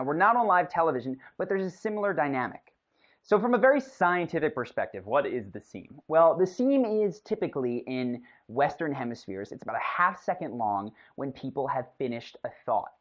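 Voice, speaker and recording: Animated male instructor, muffled audio. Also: fairly high pitch. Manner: explanatory, emphatic, acts out sample lines. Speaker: communication instructor. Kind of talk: recorded video lesson.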